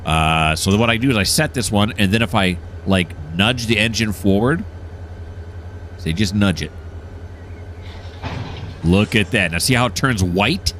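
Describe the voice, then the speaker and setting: Guy with a real deep voice chatting through a train sim, excited, explains everything he clicks, faint game hum behind. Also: unhurried, long pauses. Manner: enthusiastic, explains each step as he plays. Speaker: gameplay streamer. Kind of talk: casual gameplay commentary.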